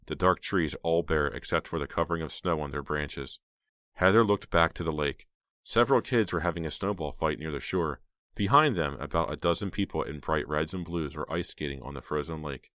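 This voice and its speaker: A man narrating an audiobook in a steady, measured reading style. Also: rumbling low, no room sound, clean studio sound. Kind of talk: scripted narration.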